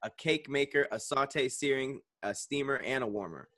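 A man's voice: medium pitch, moderate pace, bright, forceful tone. A man in a casual video-call chat, joking and teasing.

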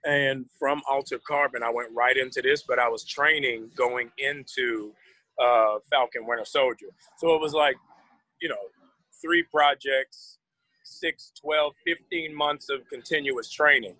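A man in his forties, a guest in a casual interview, telling lively stories and slipping into voices for anecdotes. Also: medium pitch, a little slow, no echo, low-quality recording. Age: 40s. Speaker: actor guest.

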